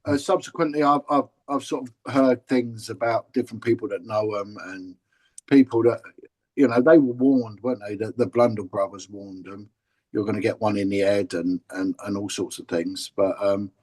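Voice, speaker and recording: A man's voice: lowish voice, steady tone, normal speed, darkish tone, low-quality recording. A man with a London accent, a former police officer telling stories in a casual, blunt interview way. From England. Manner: chatty, repeats words and restarts, blunt.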